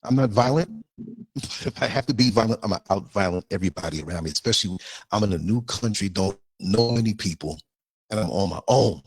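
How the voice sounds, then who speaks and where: A man's voice: on the low side, fairly quick, husky. An older man from the United States, hosting a livestream and telling a story in a blunt, emphatic way. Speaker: podcaster host.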